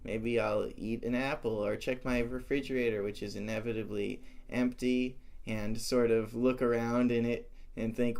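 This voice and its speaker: A man's voice: medium pitch, flat delivery, normal speed, few pauses, darkish tone. A young man thinking aloud as he composes music, musing and talking to himself with playful asides. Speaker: composition teacher.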